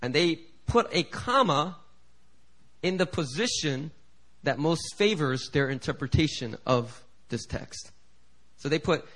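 A middle-aged pastor delivers a sermon in a fairly high voice for a man. He drops to quiet asides, then builds to loud, driving appeals. He acts out quoted prayers in shifting tones. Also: animated, measured pace. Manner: preaching with big swings in volume, building to shouted climaxes.

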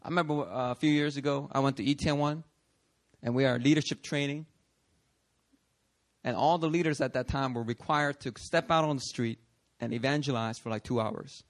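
A man preaching a sermon, animated and conversational, acting out voices in his stories. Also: mid-range voice, normal speed. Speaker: pastor.

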